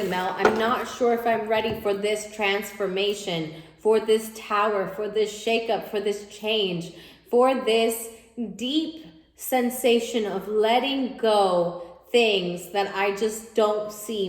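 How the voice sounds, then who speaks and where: A woman giving a casual spoken tarot reading, animated and repetitive, often voicing her listener's imagined thoughts. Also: medium pitch. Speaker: tarot reader. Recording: echoey room, faint noise.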